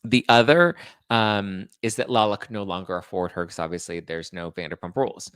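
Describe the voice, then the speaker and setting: A man hosting a casual chat show, reading viewer comments aloud and answering them with sarcastic, animated remarks. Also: fairly low pitch, brisk, clear, resonant tone, no echo, clean studio sound. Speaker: host.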